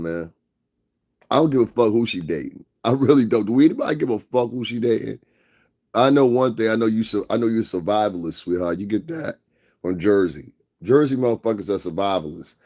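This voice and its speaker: Man, somewhat low voice, profane rambling livestream rant, drawn-out emphasis. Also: a little mellow. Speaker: livestream host.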